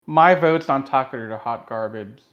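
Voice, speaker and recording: A podcast co-host throwing in playful, emphatic quips during casual chat. The voice sits at a middling pitch and comes through a dull, lo-fi mic. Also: moderate pace.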